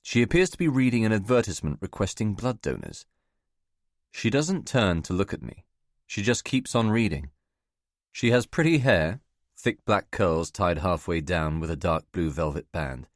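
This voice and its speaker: A man giving measured, scripted first-person narration of a novel for an audiobook. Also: deep voice, expressive, no room sound, studio quality.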